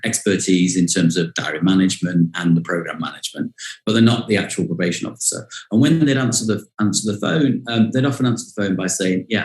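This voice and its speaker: A man with a deep, low voice, speaking as an interview guest. He talks loosely, with plenty of "um"s and restarted phrases. The sound carries a noticeable room echo. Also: a little mellow. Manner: frequent fillers and repeated words. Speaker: guest, behavioral science consultant. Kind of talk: conversational interview.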